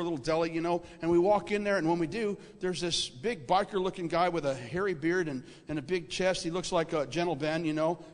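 A man preaching a sermon and telling a folksy story in an animated way. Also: a little high. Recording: echoey hall.

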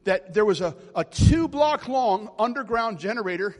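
Man, middle-aged, preacher, high-pitched, passionate sermon, acts out dialogue, echoing hall. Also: animated, normal speed. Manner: impassioned storytelling, acting out dialogue with God.

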